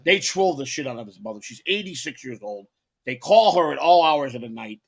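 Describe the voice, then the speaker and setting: A man in casual podcast chat, loud, profane and quick to blow up in anger. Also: medium pitch, animated. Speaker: podcast guest.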